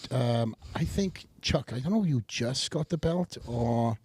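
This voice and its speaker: A relaxed male podcast host chats with his guest, tossing in short reactions and laughing along. His voice sits mid-pitch and sounds close and dry. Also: measured pace, husky, dry recording. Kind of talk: casual interview chat.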